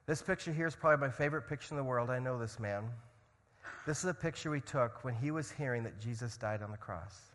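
A man preaching a sermon as a missionary, swinging from loud urgency to hushed storytelling. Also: medium pitch, fast, big-room sound. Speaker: missionary speaker.

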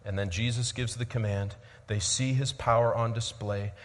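A man's voice: medium pitch, steady tone, normal speed. Dynamic male preacher in a reverberant hall. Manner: dynamic preaching, swinging between loud emphasis and quiet reflection. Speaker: pastor. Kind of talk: sermon.

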